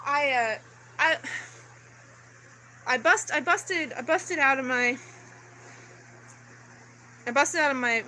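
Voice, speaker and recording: A woman's voice: a little high, bright, forceful tone, slight background noise, rough recording. A woman vlogger in a rambling spiritual monologue to camera, swearing a lot and talking intensely, with many restarts and fillers.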